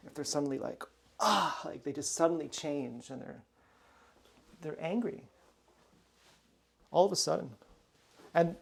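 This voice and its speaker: A man's voice: on the high side, vocal fry, mellow. Rambling, profane man talking to camera. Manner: meandering, profane, muttering asides. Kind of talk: rambling casual monologue. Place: at home indoors.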